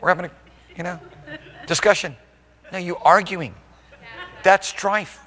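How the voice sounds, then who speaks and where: A man preaching a sermon as pastor at a live church service. He swings between loud, emphatic exclamations and soft, intimate asides, often checking in with the congregation. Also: sits high, steady tone, measured pace, big-room sound. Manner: rhetorical check-ins with the congregation.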